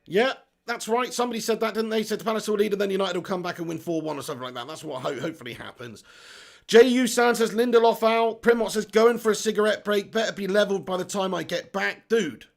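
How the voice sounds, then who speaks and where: A man's voice: high-pitched, fairly even intonation, quick pace, creaky. A man hosting a live football watch-along, commentating on play, reading out chat comments and ranting at his team. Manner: exasperated, swears casually, rants at own team. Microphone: phone.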